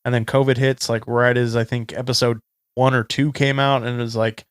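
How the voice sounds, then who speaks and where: A man's voice: medium pitch, level tone, a little fast, smooth, no echo, clean studio sound. A young man hosting a recovery podcast, talking in an earnest, conversational way. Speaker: podcast host. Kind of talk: casual chat.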